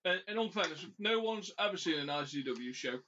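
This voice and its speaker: A man co-hosting a podcast, telling a road story in an animated, ranting way and swearing freely. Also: on the high side, a little fast, a little hiss or hum. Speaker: podcast co-host. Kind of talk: casual storytelling chat. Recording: dull lo-fi audio.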